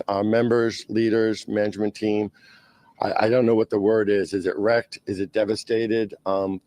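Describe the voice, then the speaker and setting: Man, Boston accent, club spokesman, press conference answers, lowish voice, dry sound. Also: darkish tone, dry recording. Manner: halting, frequent "uh" and "um".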